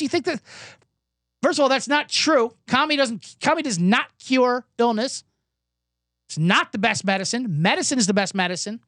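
Rambling profane comedian, dry close sound. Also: male voice, very high-pitched, lively intonation, moderate pace, a bit bright, no echo. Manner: rambling, profane, self-deprecating storytelling. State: recovering from a cough. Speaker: podcast host and comedian. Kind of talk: comedic casual monologue. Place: indoors, Los Angeles.

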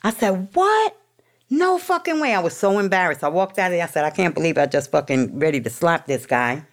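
A woman from New York speaks fast in a low voice, telling an audience her recovery story. She's blunt, profane and emotional, sharing it candidly.

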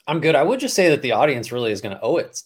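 A man's voice: medium pitch, very animated, rapid-fire, slightly rough. A man co-hosting a casual sports podcast in an easygoing, joking way. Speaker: podcast co-host.

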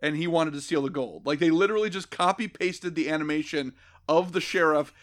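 Podcast co-host, man, sarcastic and crude, slightly higher voice, jokey recap delivery. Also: brisk, a bit bright. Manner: sarcastic, profane, acts out quotes in jokey voices. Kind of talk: casual comedic recap chat.

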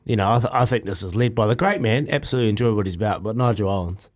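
A man's voice: lowish voice, very fast. A man co-hosting a sports radio show, giving blunt, opinionated takes on refereeing. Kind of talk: casual sports radio chat.

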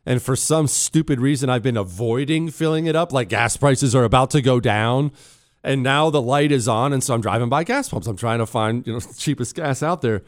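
Hoarse talk radio host, dry studio sound. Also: male voice, medium pitch, a little fast, dry recording. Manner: blunt, sarcastic, conversational. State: losing his voice. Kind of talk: opinionated talk radio monologue. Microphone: studio microphone.

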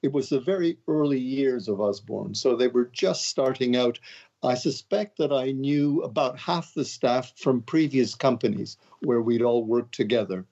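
An older man from Canada, a guest author, answering interview questions in a relaxed, conversational way with wry, self-deprecating jokes. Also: medium pitch, moderate pace, muffled recording. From Canada (Montreal).

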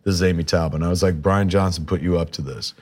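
Man with a low voice, telling stories. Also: fast talker. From New Jersey. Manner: rambling, animated anecdotes with quoted dialogue. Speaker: podcast guest, filmmaker. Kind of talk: casual storytelling.

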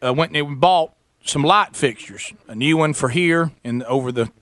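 A man's voice: fairly high pitch, normal speed, fairly bright tone. A middle-aged man telling a story on a talk show, acting out both sides of the conversation. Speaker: radio show host.

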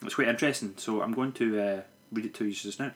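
A man's voice: on the low side, fast, a bit bright. A man co-hosting a podcast, making dry, wry remarks and reading an email aloud. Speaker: podcast co-host. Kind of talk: casual chat and reading listener email aloud.

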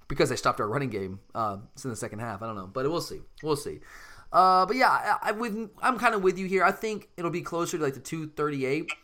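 A man's voice: on the high side, pushed and bright. A man hosting a casual sports talk show, talking animatedly and emphatically, often restarting his sentences. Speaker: sports podcast host.

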